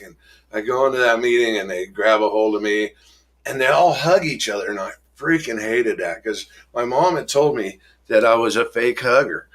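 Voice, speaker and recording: A middle-aged man candidly telling his life story in an interview, rough-spoken, acting out old arguments in raised voices. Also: medium pitch, normal speed.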